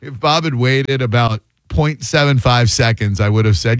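A man's voice: mid-range voice, steady tone, no room sound. Wisecracking male radio host. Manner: quick, wisecracking. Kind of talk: talk radio banter. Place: radio studio. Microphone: studio mic.

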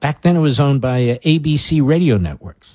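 A man's voice: mid-range voice, animated, a little fast, dark tone, husky, no room sound. A middle-aged man hosting a talk radio show, reading news stories aloud and breaking off into sarcastic, combative rants.

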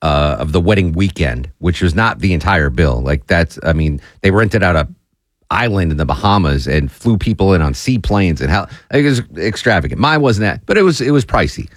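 A male radio host in his forties with a low voice that swings widely in pitch as he tells stories. His talk is loose and rambling, full of restarts. The sound is dry and close to a studio mic. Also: normal speed, no room sound. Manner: animated storyteller, rambling with restarts. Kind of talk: casual talk radio banter.

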